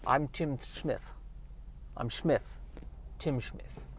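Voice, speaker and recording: A man voicing a swaggering male quarterback who speaks in a poor mock Scottish accent, gravelly and mumbled. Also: mid-range voice, extremely slow, slight background noise. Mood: smug.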